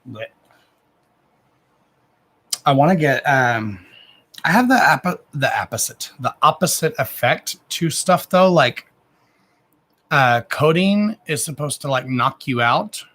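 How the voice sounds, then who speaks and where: A man's voice: a little high, lively intonation, slow pace, pauses often, a bit bright. A man in his thirties chatting casually on a live stream as a card reader, rambling, with frequent restarts and loose swearing. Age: 30s.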